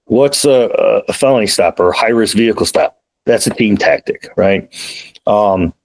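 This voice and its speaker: A man, a police defensive tactics trainer, talking as a podcast guest in a relaxed, anecdotal way. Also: fairly low pitch, a little slow, poor audio. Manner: relaxed, anecdotal, quotes others in lively asides. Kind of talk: casual conversational storytelling. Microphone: remote call.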